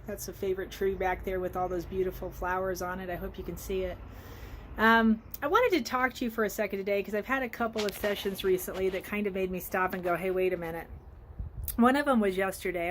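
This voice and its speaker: A woman's voice: mid-range voice, slight background noise. A woman life coach talking earnestly outdoors in a casual motivational vlog, with frequent ums, filmed on a phone. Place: outdoors by a flowering tree.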